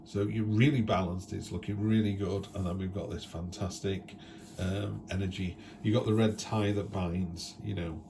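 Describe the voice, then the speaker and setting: A man's voice: sits low, fairly even intonation, moderate pace, vocal fry, background noise. A man giving a casual weekly tarot reading from home, rambling along in a chatty way and often checking in with tag questions. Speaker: tarot reader.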